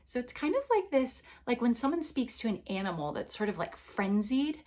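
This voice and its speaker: A woman's voice: fairly high pitch, sing-song, moderate pace. A woman giving a devotional Bible lesson in a conversational, encouraging way, sometimes acting out quotes with playful energy. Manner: gentle and encouraging. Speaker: Bible teacher.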